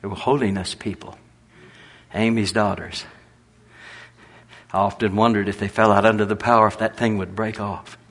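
A man preaching a sermon in a folksy, storytelling way with a husky voice. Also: on the low side, level tone, normal speed, pauses often, fairly bright tone, a little hiss or hum.

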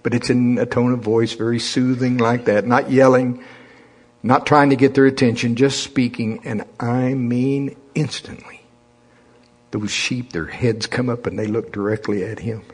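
A man's voice: medium pitch, fairly even intonation, unhurried, darkish tone, husky. A man preaching a sermon in a folksy, conversational way, calling on the congregation to repeat after him.

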